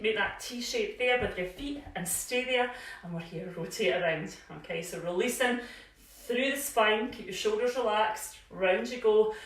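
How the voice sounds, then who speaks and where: A woman fitness instructor leading a live workout class at home, chatty and encouraging, a little out of breath as she exercises along. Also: fairly high pitch. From Scotland. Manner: encouraging, chatty, cues movements with frequent "yeah?". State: slightly out of breath while exercising. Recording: very echoey room, voice from a distance.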